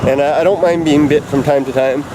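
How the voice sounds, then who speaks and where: A man telling his own stories casually to camera, rambling and animated. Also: on the high side, brisk. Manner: rambling, animated, self-amused storyteller. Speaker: vlogger telling life stories. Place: outdoors near a road and railway. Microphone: phone. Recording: outdoors with clear traffic noise.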